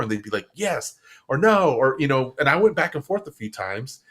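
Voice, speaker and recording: A man, a guest on a live stream show, chatting casually and acting out the quotes in his stories. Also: fast talker. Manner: animated storyteller, acts out quotes with big pitch jumps. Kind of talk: casual interview chat. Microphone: live stream setup.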